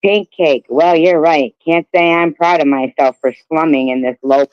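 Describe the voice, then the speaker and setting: A man reads viewer comments aloud on a livestream and mocks them as he goes. His voice is smooth, though the stream audio is slightly muffled. The sound is dry and close. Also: fairly high pitch, normal speed, no echo. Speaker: livestream co-host reading chat.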